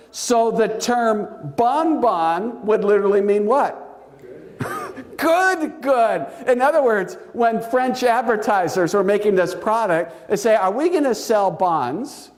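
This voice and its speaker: A pastor giving a sermon in church, animated and playful, laughing at his own jokes. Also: high voice.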